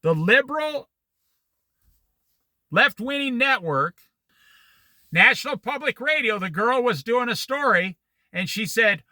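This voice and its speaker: A man in his sixties leading a Bible study, reading scripture and wandering into opinionated, animated asides and stories. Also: very high voice, slow pace, long pauses, no echo. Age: 60s. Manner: opinionated, digressive, animated storytelling. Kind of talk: Bible study teaching with commentary.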